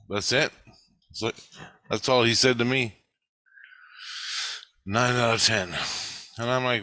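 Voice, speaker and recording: A man's voice: mid-range voice, steady tone, unhurried, pauses often, pushed and bright, dry recording. A middle-aged man rambling through a blunt, profane personal monologue about his spiritual life. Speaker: spiritual vlogger.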